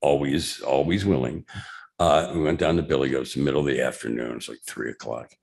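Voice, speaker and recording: A man's voice: rumbling low, vocal fry. An older man from Chicago giving a club talk, telling a barroom story and acting out the voices in it. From Chicago, USA. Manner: anecdotal, acts out quoted voices. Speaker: guest speaker. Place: club meeting room.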